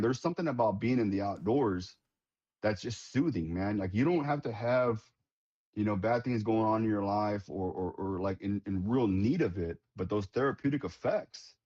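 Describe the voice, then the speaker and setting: A retired veteran man telling stories casually in an interview, full of restarts and quoted dialogue. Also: lowish voice. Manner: animated storyteller, many restarts and quoted voices. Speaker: guest, retired Marine veteran. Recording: dull lo-fi sound.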